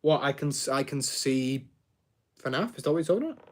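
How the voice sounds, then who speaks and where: A man's voice: medium pitch, expressive, brisk. A young man chatting casually on a live stream while he builds, rambling, reacting to chat and tripping over his words.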